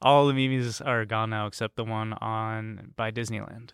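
A young man co-hosting a casual comedy podcast, teasing his co-host with quick jokes and interjections. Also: on the low side, steady tone, clean tone, dry recording, clean studio sound.

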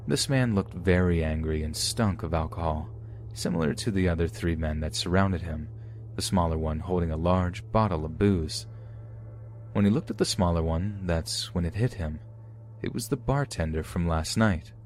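A man narrating true horror stories in a steady, scripted reading. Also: low-pitched, normal speed, a little hiss or hum. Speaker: podcast narrator.

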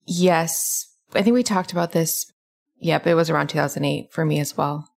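Woman podcast host with a gravelly edge, upbeat and brief. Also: deep voice, normal speed. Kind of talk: casual podcast chat.

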